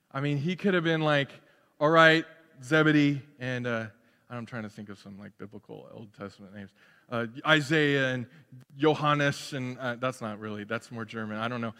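A man preaching a sermon, animated and playful, acting out the crowd and the prophet in quick asides. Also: medium pitch, clean tone, in a large hall. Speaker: pastor.

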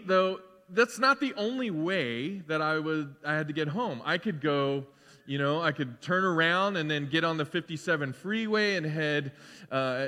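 A male pastor preaches in a relaxed, chatty way, full of fillers and lively asides. His voice is bright and sits a little high, and it rings out through a church hall with a long reverb. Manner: casual, conversational, with filler words and animated asides. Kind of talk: sermon. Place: church sanctuary.

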